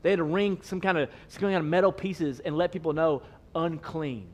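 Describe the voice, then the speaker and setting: Male pastor, high voice, emphatic sermon delivery, repeats lines, asks the room questions, casual tone. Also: steady tone, quick pace, darkish tone. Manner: emphatic, repetitive, rhetorical questions; casual, with filler likes.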